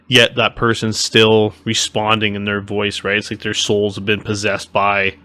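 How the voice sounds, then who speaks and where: A man co-hosting a casual podcast about novels, talking in an animated way and acting out characters' reactions. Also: on the low side, normal speed, clean tone. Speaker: podcast co-host. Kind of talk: casual book discussion.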